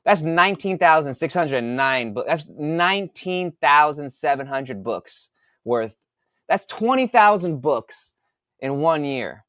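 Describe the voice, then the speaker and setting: A man who writes books, talking casually in a podcast monologue, swearing a lot and working out sums out loud. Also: on the high side, lively intonation, unhurried, no echo, studio quality. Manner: profane, thinks aloud while doing math. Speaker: author.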